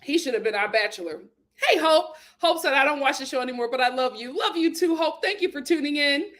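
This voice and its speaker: A woman hosting a casual live stream, greeting viewers by name and reading their comments aloud with sassy, lively chatter. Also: sits high, a little fast. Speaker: host of a live show. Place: home in Los Angeles.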